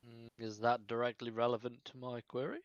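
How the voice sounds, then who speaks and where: A man's voice: mid-range voice, flat delivery, a little fast, dry recording, dull audio, natural voice. A man voicing a haughty, posh male adventurer and part-time historian, with a put-on refined manner.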